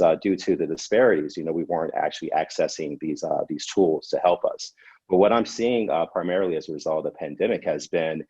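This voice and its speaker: Man, 30s, psychiatrist; emphatic, repeats advice, rapid delivery, husky voice. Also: low-pitched, warm tone, dry recording, lo-fi sound. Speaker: psychiatrist and professor. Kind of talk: panel discussion.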